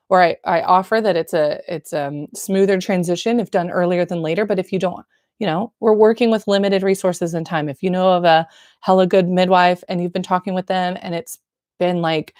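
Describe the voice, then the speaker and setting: A woman's voice: on the low side, darkish tone, dry recording, studio quality. A woman who works as a birth nurse, giving frank, slangy, encouraging advice straight to camera. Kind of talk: casual direct-to-camera advice.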